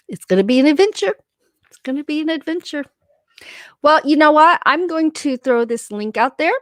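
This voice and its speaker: Woman host at home, chatty livestream talk, reads out comments, dry sound, mid pitch. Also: no room sound. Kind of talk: casual livestream chat. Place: her home.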